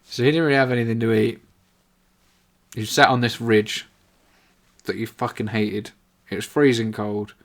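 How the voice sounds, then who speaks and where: A man's voice: medium pitch, fairly even intonation, moderate pace. A young man casually telling a rambling, sweary story, full of "like" fillers. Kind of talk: casual anecdote.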